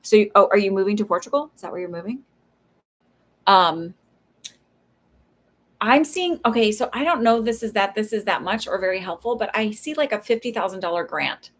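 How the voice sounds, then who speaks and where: A woman's voice: mid-range voice, animated, a little fast, pauses often. Chatty woman giving hesitant psychic readings. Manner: hesitant, many fillers, chatty asides to viewers. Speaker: psychic reader on a livestream. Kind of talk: casual live reading, answering viewer questions.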